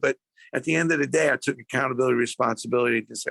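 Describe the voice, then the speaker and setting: An older man from Brooklyn with a New York accent, telling stories in a lively way as a podcast guest. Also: medium pitch, very fast, gravelly, no room sound. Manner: animated storyteller who acts out quotes. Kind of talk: storytelling in a podcast interview.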